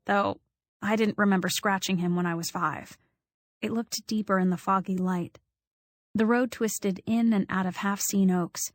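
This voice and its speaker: A woman narrating a first-person audiobook, telling the story in a measured, wry way. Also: mid-range voice, dry recording.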